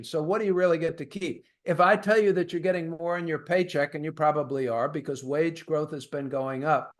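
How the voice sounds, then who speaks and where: A man hosting a markets podcast, explaining economics in a plain-spoken way and speaking directly to his listeners. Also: a little high. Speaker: podcast host. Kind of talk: conversational market commentary.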